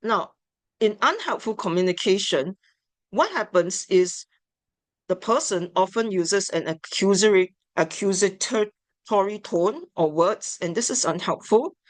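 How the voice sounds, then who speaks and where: A woman giving an instructional talk on family therapy, measured and deliberate. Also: medium pitch, lively intonation, no room sound. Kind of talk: instructional lecture.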